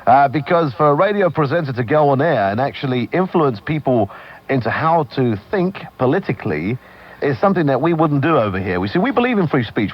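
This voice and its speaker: A man from Britain hosting a call-in talk radio show, blunt, opinionated and excitable. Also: mid-range voice. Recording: muffled 1990s radio broadcast.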